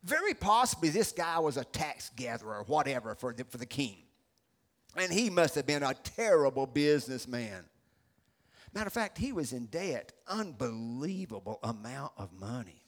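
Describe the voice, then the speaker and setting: A middle-aged pastor preaching a sermon, animated and acting out the characters he describes. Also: medium pitch, normal speed. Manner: animated storytelling, acts out voices.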